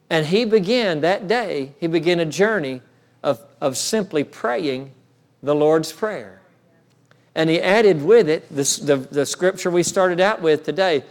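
A male pastor telling a story in a sermon, with frequent restarts that build in intensity. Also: a little high. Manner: storytelling, many restarts, rises in intensity when recounting.

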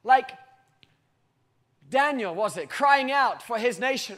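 High-voiced preacher man, rising to cries. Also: expressive. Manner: rises to loud, drawn-out cries, then drops low. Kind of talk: sermon.

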